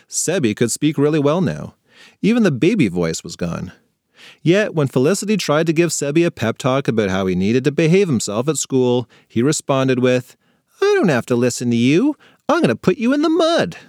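A man's voice: fairly high pitch, darkish tone, no echo, studio quality. Playful man telling a kids' story. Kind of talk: scripted narration for kids.

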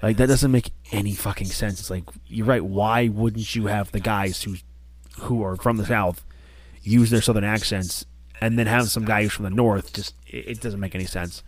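A man co-hosting a casual podcast chat, talking in an animated, rambling way with many restarts. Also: on the low side, normal speed, no room sound. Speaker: podcast co-host.

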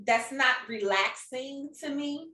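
A woman's voice: high-pitched, slow, bright, forceful tone, far from the mic. A woman co-hosting a casual podcast chat, playful and teasing, often laughing as she talks. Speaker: podcast co-host. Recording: roomy sound, a bit off-mic.

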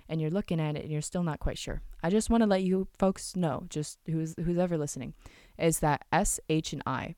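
A young woman talks casually to her listeners, chatty and enthusiastic, slipping into little acted-out scenes. Her voice sits a little low and sounds smooth and clear. The sound is close and dry. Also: fast, darkish tone, dry recording. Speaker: podcast host. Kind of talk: casual solo podcast talk.

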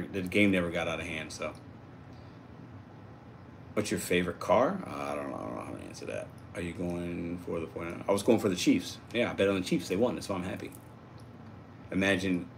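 With a low voice and vocal fry, a man from Puerto Rico runs a casual livestream, cheerfully reading and replying to chat comments. The audio carries a little hiss or hum.

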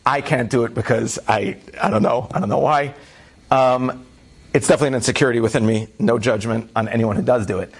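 A man spins a personal anecdote for a live audience, animated and self-deprecating as he slips into quoted voices. His voice is gravelly and a little husky. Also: mid-range voice, fast talker. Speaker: speaker telling a story to an audience. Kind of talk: anecdotal storytelling talk.

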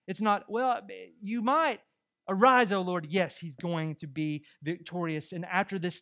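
The preacher is a man whose voice sits high. His sermon is animated and conversational, full of rhetorical questions aimed at the congregation.

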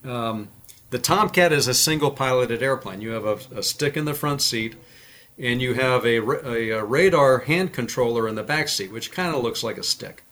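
Man telling animated pilot stories. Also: mid-range voice, moderate pace. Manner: animated, acts out quoted dialogue. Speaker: guest, former fighter pilot. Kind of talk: casual storytelling interview.

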